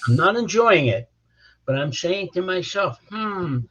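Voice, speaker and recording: With a high-pitched, sing-song voice that sounds pushed, bright, and husky, an older criminal defense lawyer tells blunt stories in an interview at normal speed. He frequently repeats words as sentences begin, recorded in dull lo-fi audio.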